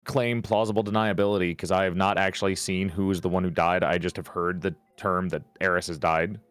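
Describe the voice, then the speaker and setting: Low-voiced joking man player. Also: fairly even intonation, fairly quick, a bit bright, smooth, dry recording. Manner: joking, chuckles at his own lines. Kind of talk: casual chat about a tabletop game.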